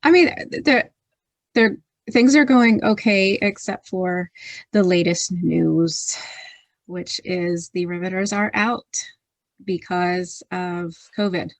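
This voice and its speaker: A woman's voice: fairly low pitch, takes it slowly, no echo. A woman co-hosting a sports podcast in casual chat, who laughs often and trails off mid-sentence. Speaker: podcast co-host.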